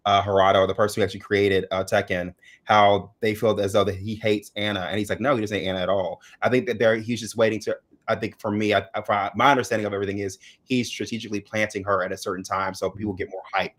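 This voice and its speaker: A man's voice: lowish voice, level tone, fast talker, a bit bright. A man co-hosting a casual chat show, hesitant and searching for words with many fillers. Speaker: co-host.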